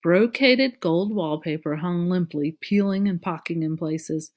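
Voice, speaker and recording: A woman narrating a storybook aloud in a steady, measured way. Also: lowish voice.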